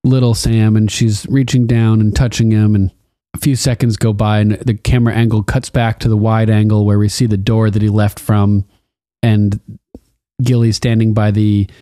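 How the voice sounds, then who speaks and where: A man's voice: lowish voice, level tone, moderate pace, mellow, dry recording, studio quality. A man in a casual chat, animatedly retelling a TV episode, laughing often and acting out the quotes. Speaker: podcast co-host recapping a TV episode.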